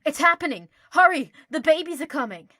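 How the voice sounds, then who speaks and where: A woman voicing an excitable teenage boy wizard who shouts urgently in an audiobook. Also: medium pitch, moderate pace, no room sound, clean studio sound, close to an everyday voice. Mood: frantic.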